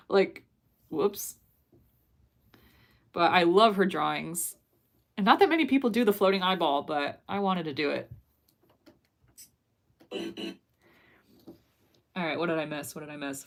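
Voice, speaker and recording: A woman's voice: fairly low pitch, a bit bright. A woman animator streaming live, casually and bubbly reading her chat's messages aloud and answering them with frequent giggles. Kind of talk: casual livestream chat.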